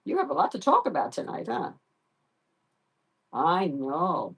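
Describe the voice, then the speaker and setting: Middle-aged woman host, lively sing-song pitch, soft baby talk to a pet, casual chat with viewers. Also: slow, creaky, pauses often, breathy edge. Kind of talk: casual live-stream chat.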